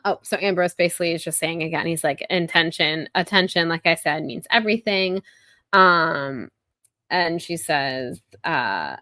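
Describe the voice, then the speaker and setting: A woman's voice: sits low, expressive, slow, bright, forceful tone, no echo. A woman co-hosting a podcast, casually retelling a book's chapters in a chatty way, with lots of "like". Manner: chatty retelling, heavy use of "like". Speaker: podcast co-host. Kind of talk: casual book-discussion chat.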